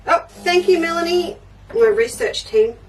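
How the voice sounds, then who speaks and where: A woman's voice: very high-pitched, animated, measured pace, distant mic, rough recording. An older woman hosting a live quilting show, chatting away and answering viewers' comments as they come in. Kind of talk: live crafting show chat.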